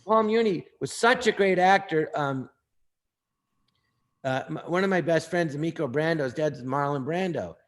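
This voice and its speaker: This actor-comedian has a slightly high voice and tells stories in a casual interview. He stays lively throughout and keeps breaking into impressions of the people in his anecdotes.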